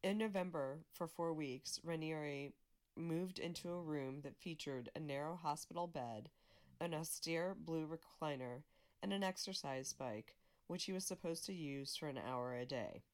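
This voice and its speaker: A woman reads a magazine article aloud as a volunteer, keeping a steady, measured pace and fixing her own small slips. Her voice is deep.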